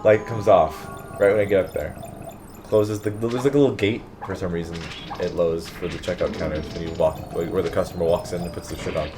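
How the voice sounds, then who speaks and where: A man's voice: sits low, fairly even intonation, a little fast. A man telling an exasperated, profane story in casual chat while playing a video game with a friend. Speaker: let's play co-host. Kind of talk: casual ranting story over gameplay. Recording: game music playing underneath. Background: game music.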